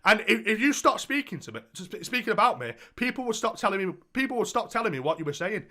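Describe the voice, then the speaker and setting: A man's voice: high-pitched, sing-song, fast talker, sharp tone. A young man co-hosting a podcast, telling a story in casual chat and swearing heavily. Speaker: podcast co-host.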